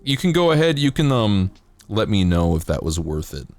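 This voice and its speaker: A man chatting on a livestream as he builds a model kit, rambling from one joke to the next and jumping into silly voices. His pitch moves a lot from line to line, and his throat sounds dry. Faint music plays under him. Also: very animated, normal speed, darkish tone. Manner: rambling, jokey, bursts into silly high voices and singing. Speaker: streamer.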